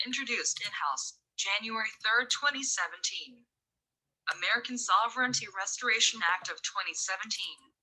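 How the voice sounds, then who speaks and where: A text-to-speech woman's voice reading a bill summary in a flat, even manner. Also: mid-range voice, poor audio. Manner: flat, even synthetic delivery.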